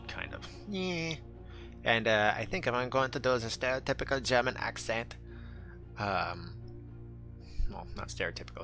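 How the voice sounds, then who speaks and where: A man's voice: mid-range voice, moderate pace, sharp tone, faint music behind. A man casually commentating his mech game playthrough, chatty and joking, talking back to the game. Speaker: gaming channel host. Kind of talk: let's play commentary.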